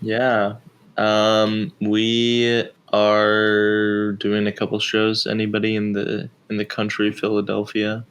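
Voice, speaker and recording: Slow, laid-back male podcast co-host. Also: on the low side, monotone, a bit bright, smooth. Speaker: podcast co-host, band member. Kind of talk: casual chat.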